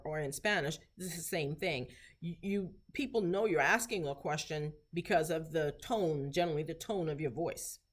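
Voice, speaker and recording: Slow-drilling woman teacher, lowish voice. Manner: patient, repeats phrases slowly for practice. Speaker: therapy clinician teaching Spanish. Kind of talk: instructional video lesson.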